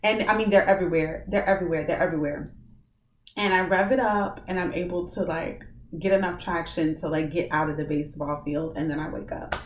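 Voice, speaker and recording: A woman of average pitch shares a dream and then preaches to her viewers in a loose, conversational way. She acts out what she said in the dream with lively bursts. The sound is roomy and a little distant from the mic, with a faint hiss behind her. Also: moderate pace, highs cut off. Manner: animated storytelling, acts out her own dream dialogue. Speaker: ministry vlogger. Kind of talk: casual testimony and preaching.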